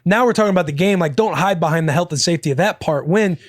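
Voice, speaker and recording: A young man hosting a podcast, chatting casually, rambling and swearing freely with excitable energy. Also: high-pitched, very fast, no room sound. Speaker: podcast host. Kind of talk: casual chat.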